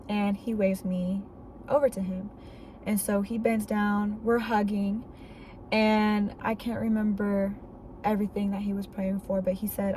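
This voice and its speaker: A woman's voice: medium pitch, a little mellow, slight background noise, poor audio. Earnest woman sharing her faith story. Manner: earnest, candid, conversational with fillers. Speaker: faith vlogger. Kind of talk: personal testimony storytelling.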